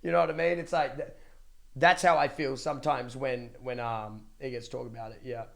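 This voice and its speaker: A man's voice: mid-range voice, steady tone, moderate pace, creaky. A young man ranting casually to his livestream chat, blunt and profane, with many restarts. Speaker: streamer.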